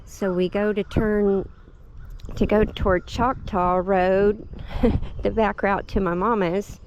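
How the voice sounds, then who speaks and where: A woman's voice: medium pitch, fairly even intonation, takes it slowly, darkish tone. A middle-aged woman, telling a story in a casual, chatty vlog, laughing often and getting emotional. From Oklahoma. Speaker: homestead vlogger. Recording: dull lo-fi with faint background noise.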